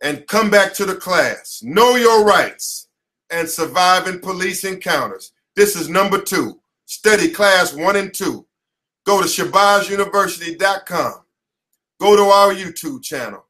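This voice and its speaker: A man's voice: sits high, unhurried, bright, forceful tone. An American man, an attorney, giving an impassioned lecture at his headquarters, preachy and emphatic, repeating slogans. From United States. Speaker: attorney teaching a class. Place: his office headquarters, indoors.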